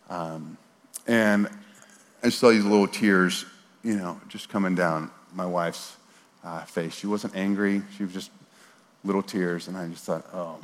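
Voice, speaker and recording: A man preaching a casual, conversational sermon, animated and informal with slang and repeated words, at times dropping to a soft, earnest voice. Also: deep voice. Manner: drops to a soft, quiet voice for earnest moments. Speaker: pastor. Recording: long reverb of a large hall.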